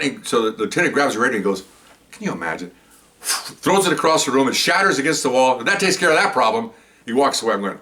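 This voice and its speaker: A man who used to be a police officer tells a story from his working days in a loose, conversational way. He gets animated as it builds and acts out the other people's lines himself. His voice sounds a little distant from the microphone. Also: mid-range voice, brisk. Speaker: retired police officer telling stories. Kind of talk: casual storytelling.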